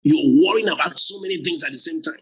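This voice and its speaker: A man's voice: a little high, quick pace, slightly rough, poor audio. A man preaching a sermon who laughs often and repeats phrases for emphasis, with a Nigerian accent. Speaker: pastor.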